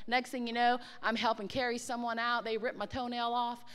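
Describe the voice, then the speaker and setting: High bright lady telling a mission story, gets loud then hushed, smooth clear voice. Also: fairly quick, big-room sound. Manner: excitable, swings from hushed to shouting. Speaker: ministry speaker. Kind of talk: animated testimony storytelling.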